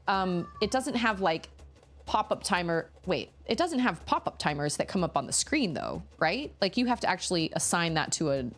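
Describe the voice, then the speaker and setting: Young woman gamer-streamer, casual chat, giggly, bouncy pitch. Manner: animated, chatty, giggly, with lots of "like" and "um". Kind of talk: casual live-stream chat while gaming.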